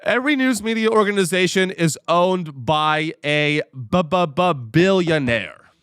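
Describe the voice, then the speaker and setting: A man rants sarcastically with a fairly high, wildly swinging voice, piling on profanity for comic effect. The sound is dry and close. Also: a little slow, smooth, no echo. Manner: sarcastic, profane, animated ranting. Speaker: comedian podcast host. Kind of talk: comedic ranting monologue.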